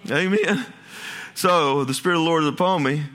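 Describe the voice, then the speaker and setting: A man's voice: a little high, normal speed, a bit bright. A man, preaching a passionate sermon as pastor, with folksy asides and many restarts.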